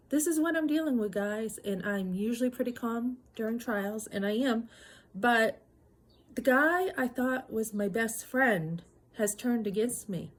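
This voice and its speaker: A woman in her fifties talking straight to her viewers in a personal vlog, emphatic and indignant, acting out her own sharp words and holding back tears. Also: medium pitch, unhurried. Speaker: vlogger.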